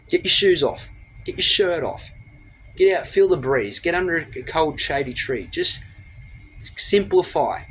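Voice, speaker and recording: A man's voice: on the high side, animated, fairly bright tone, slight background noise. A man giving a blunt, profane motivational rant straight into his phone camera. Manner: blunt, profane, rapid-fire lecturing. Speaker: motivational vlogger.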